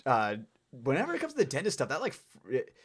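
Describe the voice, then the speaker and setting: A man's voice: medium pitch, huge pitch swings, fast talker, husky. A man chatting casually on a podcast, rambling with lots of "dude" and "you know". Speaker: podcast co-host.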